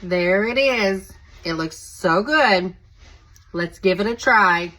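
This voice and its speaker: A woman's voice: medium pitch, slow pace, pushed and bright, rough recording. A woman hosting a casual home cooking video, chatting to viewers as she walks them through each step.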